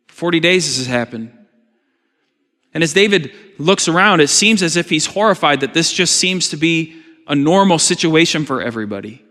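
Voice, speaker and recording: Male preacher, higher-pitched voice, reads scripture and then explains it earnestly, long hall reverb. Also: bright, forceful tone. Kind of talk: sermon.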